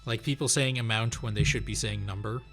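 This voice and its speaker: A man's voice: on the low side, fairly even intonation, brisk, fairly bright tone, faint music behind. A man streaming a video game, chatting casually about it with a lot of rambling. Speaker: let's play streamer. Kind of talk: casual chat over gameplay.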